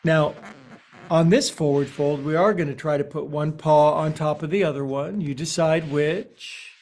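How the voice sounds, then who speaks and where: A man guiding a yoga class, giving slow cues with playful, quirky asides. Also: on the high side, fairly even intonation, darkish tone. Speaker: yoga teacher.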